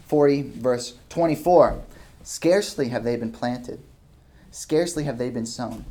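A male pastor delivering a sermon, reading scripture aloud, rising into loud emphatic questions and dropping to soft asides. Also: on the high side. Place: church hall with a ceiling.

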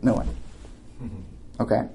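A man's voice: takes it slowly, dark tone. Conversational male preacher. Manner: conversational preaching with frequent restarts and asides; mock voices for quoted idolaters. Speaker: pastor. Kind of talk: sermon.

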